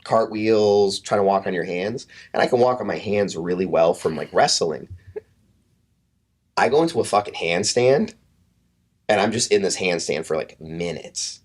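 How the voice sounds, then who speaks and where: A man's voice: deep voice, normal speed. A man in his thirties, a podcast guest, telling casual stories with lots of swearing and acted-out quotes. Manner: animated, swears often, acts out quotes. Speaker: podcast guest, fitness coach. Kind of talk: casual storytelling.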